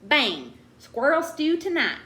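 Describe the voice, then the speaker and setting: A woman voicing a friendly, talkative country boy with a drawl, pitched up high and bold. He chatters on with lively rises and falls. The reading sits in a roomy, echoey space. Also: slow pace, heavily acted. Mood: eager. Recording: roomy echo.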